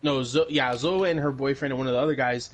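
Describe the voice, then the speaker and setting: A fast-talking man with a medium-pitched, steady voice co-hosts a podcast. He recaps a movie casually and rambles, filling it with fillers, swearing and laughter.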